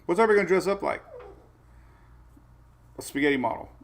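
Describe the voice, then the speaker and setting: A man's voice: high-pitched, animated, moderate pace. A man hosting a casual weather livestream, chatting in a laid-back way, chuckling often and answering viewer comments. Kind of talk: casual live-stream chat.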